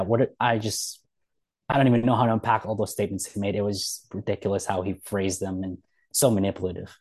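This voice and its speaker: A man's voice: on the low side, a little mellow. A man co-hosting a podcast, talking casually and indignantly with lots of filler words. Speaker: podcast co-host.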